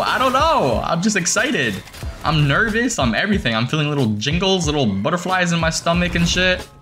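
A young man giving casual commentary over his game, excitable and swearing, breaking into shrieks when he finds something. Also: mid-range voice. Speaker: gaming streamer.

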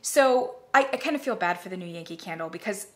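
A woman chatting casually to camera as she reviews candles, animated, now and then dropping to a whisper. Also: lowish voice, fast. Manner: chatty, animated, swearing, drops into whispers and mock voices.

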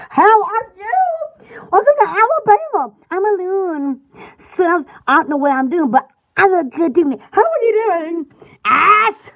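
Lady chatting thru a live shop sale, really high voice, bouncy and giggly. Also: sing-song, unhurried. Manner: giggly, chatty, rambling, reads product lists aloud. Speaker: online shop host selling bath products. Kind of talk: casual live sales chat.

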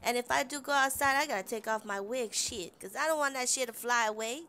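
Impatient woman, played by a woman, high-pitched, blunt, demanding. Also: a little fast, sharp tone, clean tone. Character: hungry, impatient woman in a wig.

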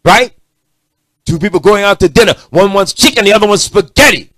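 A middle-aged preacher man delivers a sermon, his pitch leaping up and down as he goes. He swings between emphatic, almost shouted lines and quiet asides. The sound is dry and close, with no room echo. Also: lively intonation, fairly quick. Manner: preachy, rising to shouts and dropping to low asides.

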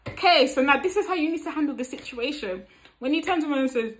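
A woman talks straight to camera about relationships in a frank, playful way. Her voice sits a little high, and she often breaks into laughter as she teases and gives advice. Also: animated, quick pace. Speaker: vlogger giving relationship advice. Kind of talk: casual advice talk to camera.

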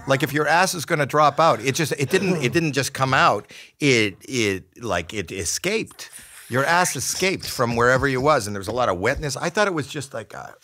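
A man's voice: mid-range voice, animated, sharp tone. Older guy guest, flustered, keeps stopping and restarting, casual chat. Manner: flustered, halting, many restarts. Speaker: celebrity guest.

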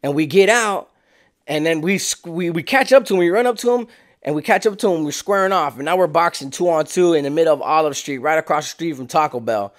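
A young man casually telling a street story, slangy and animated. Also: fast. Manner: slangy, animated, acts out quotes in lower voice.

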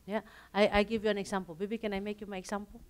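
A woman's voice: mid-range voice, little pitch movement, rapid-fire, clean tone. A woman leading a Bible study talk, telling personal stories earnestly and laughing now and then.

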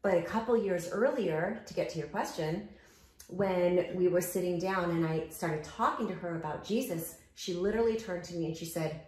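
A woman hosting a casual chat while out walking, telling stories in an animated way and acting out the voices of the people in them. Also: lowish voice, normal speed, roomy sound. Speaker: host. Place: outdoors walking.

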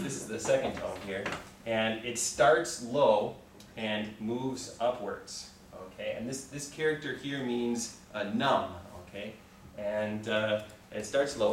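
A man with a lowish voice teaches a Mandarin class, patiently walking students through repeat-after-me drills and cheering them on often, with frequent "okay" checks. It's a call-and-response language lesson, recorded from a distance in an echoey room with a little hiss or hum.

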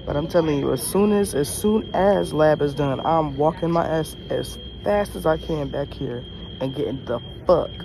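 Walking around campus and partly outside, a young woman in college rants into her phone for a casual vlog, blunt, exasperated and swearing. She has a low, gravelly voice at normal speed, and traffic noise runs through the clip.

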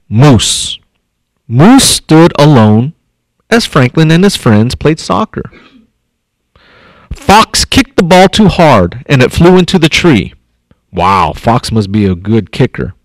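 The district superintendent, a man with a mid-range voice, reads slowly to young children at an elementary school. He is animated, pausing often between passages of the picture book to think aloud and comment. No room sound is audible.

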